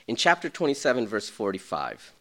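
A male pastor delivering a sermon with wide, dramatic swings in pitch and volume. He builds to loud, urgent peaks, then drops to a hushed near-whisper. His pitch sits at an ordinary middle height for a man. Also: wildly swooping pitch, brisk.

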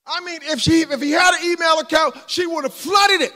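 A middle-aged male preacher with a very high voice delivers a sermon in a church hall. He swings between fervent shouts and hushed, joking asides. His bright, sharp tone rings out with a long reverb. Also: expressive, normal speed.

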